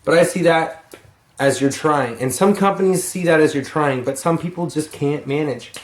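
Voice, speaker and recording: A man's voice: a little high, normal speed, echoey room. A tired young man giving rambling, profane advice on getting a raise, with yawns and sighs. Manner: rambling, profane, yawning and sighing. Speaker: vlogger, lumber yard crew lead. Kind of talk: rambling casual advice vlog. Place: room at home.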